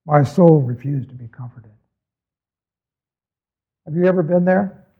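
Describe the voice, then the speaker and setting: A man with a slightly high, husky voice preaches a sermon in an earnest, measured way, stopping to put questions to his congregation. The recording is thin and tinny, like a phone line. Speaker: pastor.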